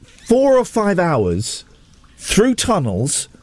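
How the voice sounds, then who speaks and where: Brief: man in his middle years, chatty host, animated, pitch swings a lot. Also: very slow, no echo. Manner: animated storytelling, wry asides. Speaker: radio show host. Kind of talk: casual chat.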